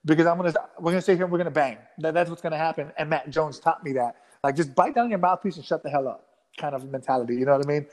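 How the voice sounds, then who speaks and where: A man in his thirties telling a rambling, animated story in a casual interview, acting out quotes with many restarts. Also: fairly high pitch, racing. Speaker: guest fighter.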